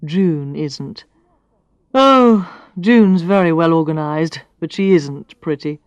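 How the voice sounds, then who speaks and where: A woman's voice: low-pitched, takes it slowly, no room sound. A woman reading the lines of a charming, blunt male gallery owner aloud from a story, in a teasing, matter-of-fact way.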